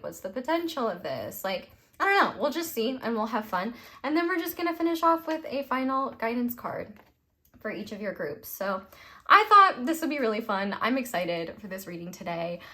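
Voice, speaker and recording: This tarot reader is a young woman doing a casual reading for her viewers, rambling along and laughing often at her own jokes. She comes across as giggly and self-deprecating, her mid-range voice a bit bright.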